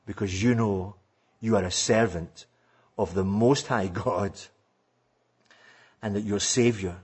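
A man who is a pastor, earnestly exhorting fellow preachers in a sermon-style talk, with a husky voice. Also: fairly low pitch, steady tone, unhurried, long pauses, a little mellow.

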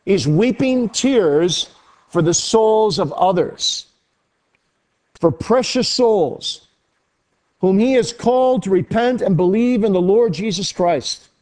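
A man with a notably high voice preaching a sermon. He speaks earnestly as a pastor, swinging from raised, quick passages down to low, slow, hushed ones. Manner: earnest preaching with wide swings in pitch and loudness.

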